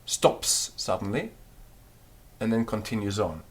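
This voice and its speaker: A man's voice: fairly low pitch, very animated, unhurried, breathy edge. A man teaching a recorded beginner language lesson, explaining patiently and demonstrating the sounds aloud.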